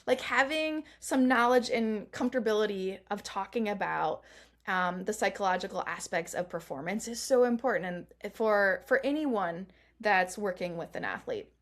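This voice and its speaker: A middle-aged woman performance coach chatting as an interview guest, animated, laughing often and acting out the lines she quotes. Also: mid-range voice, moderate pace. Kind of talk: casual interview chat.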